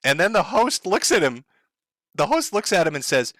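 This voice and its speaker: A man's voice: high voice, very animated, moderate pace, fairly bright tone, dry recording, clean studio sound. A man giving mocking, profane online commentary, sarcastic and laughing at his own jokes.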